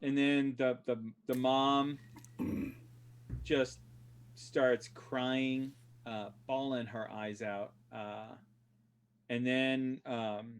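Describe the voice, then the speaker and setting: A man narrating a tabletop role-playing game as dungeon master, halting with many fillers. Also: mid-range voice, little pitch movement, clean tone.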